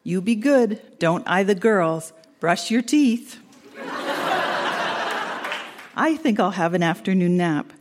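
A woman's voice: medium pitch, animated, a little slow, few pauses, big-room sound, very noisy. A young woman talking as if recording letters to her husband, teasing and giggly. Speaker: letter writer. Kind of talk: reading old tape letters aloud.

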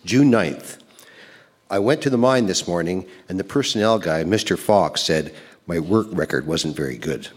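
A man's voice: sits low, animated, moderate pace. A man in his sixties reading his old love letters aloud on stage, playful and amused. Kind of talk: reading aloud to a live audience. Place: live event stage.

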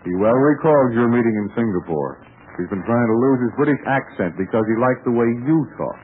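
An actor playing a confident young adventurer who coaxes and flatters, in 1940s radio acting. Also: male voice, mid-range voice, a little fast, natural voice. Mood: coaxing. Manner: coaxing, flattering. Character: smooth, confident young male adventurer, coaxing. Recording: tinny old radio broadcast with faint hiss.

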